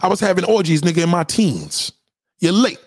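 Casting: man with a high, reedy voice, ranting hard into a close dry mic, profane and confrontational. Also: lively intonation, fairly quick, no echo. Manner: profane, confrontational, swings between loud and low. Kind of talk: ranting monologue.

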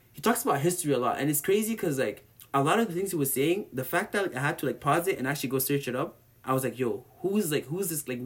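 A man talking casually about music, animated and rambling with lots of slang fillers. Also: medium pitch.

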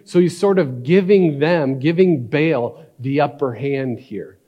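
A man preaching a sermon, telling a story with dramatic shifts between loud and hushed delivery. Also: on the high side, unhurried, few pauses, dull audio. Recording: reverberant hall.

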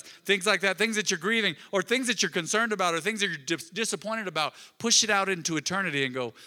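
Reverberant preacher, bright and emphatic. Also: male voice, a little high, fast, hardly any pauses. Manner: swings from loud emphatic bursts to soft intimate murmurs. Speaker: pastor. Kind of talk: sermon. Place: church sanctuary. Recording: long reverb of a large hall.

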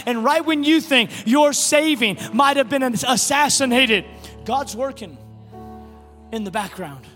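A man preaching a sermon, swinging between loud bursts and quiet, hushed drops. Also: extremely high pitch. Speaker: pastor. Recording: long hall reverb with faint music.

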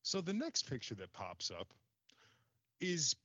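A man telling an embarrassing story in casual chat, animated and exasperated, swearing casually. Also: fairly high pitch, takes it slowly, no echo, dull audio.

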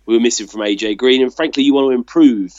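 A man's voice: mid-range voice, fast talker, a little mellow, no echo, highs cut off. A man co-hosting a casual sports chat, talking in loose, rambling runs full of fillers. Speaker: podcast co-host.

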